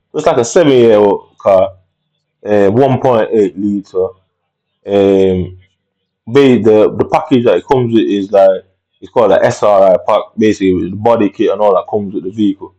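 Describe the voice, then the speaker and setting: A man's voice: on the low side, mellow, muffled recording. A man with telling an angry personal story, rambling and profane, full of tag questions. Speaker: vlogger.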